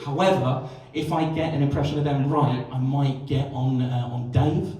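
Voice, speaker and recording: A man's voice: medium pitch, steady tone, normal speed, mellow. A young man performing a live stand-up set, sweary and self-mocking, rambling with many restarts. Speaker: stand-up comedian. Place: comedy club stage. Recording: echoey club room, distant mic, audience noise.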